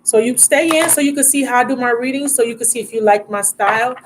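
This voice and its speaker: A woman's voice: a little high, fast, background noise. A woman hosting a live tarot reading stream in a casual, affectionate way, calling viewers baby and love.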